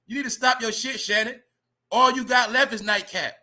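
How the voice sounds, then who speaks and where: A livestream host, a man, ranting loudly and profanely to his chat, animated and talking straight to viewers. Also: very high voice, moderate pace. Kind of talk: ranting celebrity gossip commentary.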